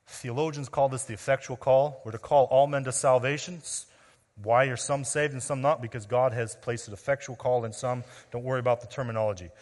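A pastor preaches to his congregation in an emphatic, questioning way, rising to loud declarations and dropping to near-whispers. His mid-pitched male voice rings with the long reverb of a large hall. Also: steady tone, brisk. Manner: emphatic preaching with rhetorical questions, swinging between loud and quiet. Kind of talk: sermon.

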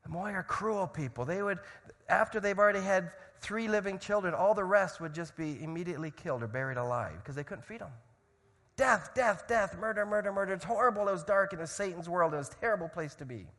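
A man preaching a sermon, telling a story dramatically and swinging from loud shouts to hushed tones. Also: sits high, quick pace, long reverb tail.

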